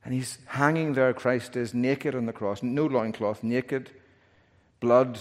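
A man's voice: mid-range voice, steady tone, slow pace. A male pastor preaching a sermon with emphatic, rhythmic repetition. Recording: long hall reverb.

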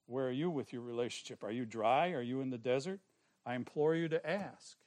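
A man preaching a sermon, telling his own testimony in an earnest way that swings from soft, hushed passages to forceful ones. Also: medium pitch, fairly quick.

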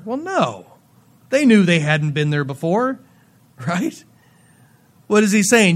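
This sermon comes from a pastor whose high voice is animated and unhurried, with long pauses. He reads scripture aloud to his congregation before drifting into playful asides, moving between loud emphasis and soft, dropped endings.

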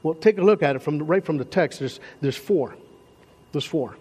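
Pastor guy preaching in a big echoey church, kinda high voice, lively and chatty. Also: normal speed, husky. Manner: animated, conversational preaching with repeated restarts. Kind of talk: sermon. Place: church sanctuary.

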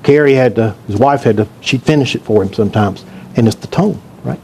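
A man's voice: medium pitch, brisk, dark tone, slight background noise. A man preaching a sermon to his congregation in a church, talking in a conversational, joking way and asking the room questions. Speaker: pastor.

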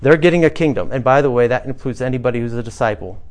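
Speaking fast in a medium-pitched voice, this man is the pastor of a small church set in an old bank building. His sermon to the congregation is conversational, rising at points into emphatic passages.

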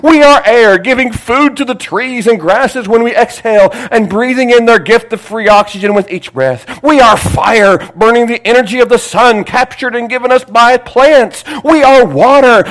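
A man preaching a sermon, reading scripture aloud with emphatic, drawn-out phrases and dropping into quiet asides. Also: extremely high pitch, low-quality recording. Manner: swings between loud emphatic reading and hushed asides; repeats phrases, drags out words for emphasis.

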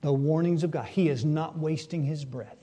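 A man preaching a sermon to his congregation, asking rhetorical questions and swinging between hushed and loud delivery. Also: fairly high pitch, moderate pace.

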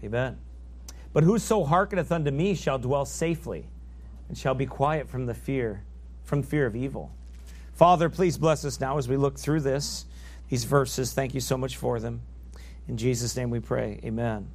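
Delivering scripture in archaic biblical wording, this preacher speaks at an ordinary pace with fervor and emphasis, moving from loud climaxes to quiet asides.

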